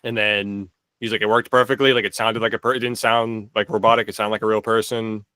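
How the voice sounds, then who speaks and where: A young man talks loosely on a podcast, piling up filler words and restarting his sentences. His lowish voice has a bright, forceful edge. The recording is dry and close, with no room sound. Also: level tone, a little fast, clear, resonant tone, dry recording. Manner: rambling, many "like" fillers and restarts. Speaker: podcast co-host. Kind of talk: casual chat.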